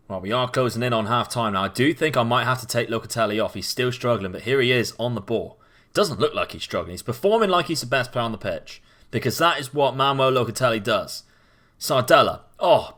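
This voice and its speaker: A young man, casually commenting as he plays a football management game, chatty and given to sudden loud cheering. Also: medium pitch. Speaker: gaming commentator.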